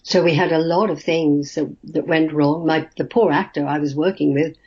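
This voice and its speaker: An older woman, an actress, telling stories in a casual interview with lively, laughing delivery. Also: low-pitched, normal speed, breathy edge. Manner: lively storytelling, laughs often. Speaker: actress guest. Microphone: video call. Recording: dull lo-fi call audio.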